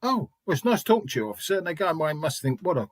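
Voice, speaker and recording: A man's voice: on the high side, big pitch swings, fast, dry recording. A middle-aged man and spiritualist medium telling stories in an interview, chatty, restarting often and acting out quoted dialogue. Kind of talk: anecdotal interview storytelling.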